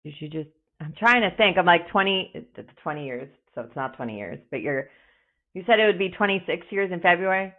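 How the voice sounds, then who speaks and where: A woman hosting a podcast, talking in a casual, rambling way with a lively, swooping pitch. Her voice sits a bit low and comes through a tinny, phone-like call line. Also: a little fast. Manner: rambling, animated, acts out inner voices. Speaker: podcast host. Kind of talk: casual interview chat.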